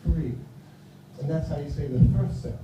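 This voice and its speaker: A man's voice: a little high, steady tone, quick pace. An American man in his fifties doing a rambling stand-up comedy set, with a mumbling delivery. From United States. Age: 50s. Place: live comedy venue. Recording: very echoey room, voice from far off, faint noise.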